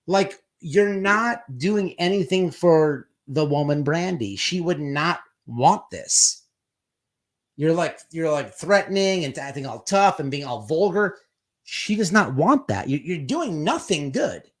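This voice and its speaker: A man talking in a fairly high voice, hosting a live stream with casual commentary. He rambles and swears freely. He often slips into quick put-on voices to act out what others said. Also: expressive.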